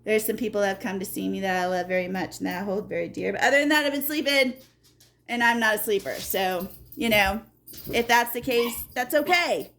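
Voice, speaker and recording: A woman giving a casual tarot reading, talking straight to the viewer in an animated, blunt way and checking in with "okay?". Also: medium pitch, brisk, slight background noise. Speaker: tarot reader.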